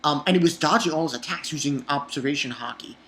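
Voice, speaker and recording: A man's voice: on the high side, fast, a bit bright, a little hiss or hum. A man casually recapping an anime episode in a loose, rambling way, swearing often and stumbling over his words. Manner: profane, rambling with many restarts and fillers.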